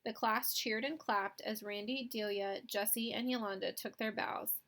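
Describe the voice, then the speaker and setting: A woman narrating a children's novel in a clear, expressive reading voice. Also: a little high, normal speed. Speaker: audiobook reader. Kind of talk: scripted storybook narration.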